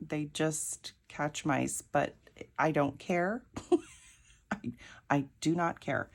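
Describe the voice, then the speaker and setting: A woman's voice: deep voice, slow, a little hiss or hum. A woman crafting and telling a rambling, chatty story, laughing often. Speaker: crafting vlogger. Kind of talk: casual storytelling while crafting.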